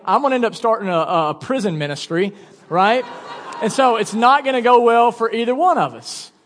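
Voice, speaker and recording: Pastor, 30s, man, high voice, chatty and joking, long church reverb. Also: fairly bright tone. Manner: casual, joking storyteller. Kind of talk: sermon. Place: church sanctuary.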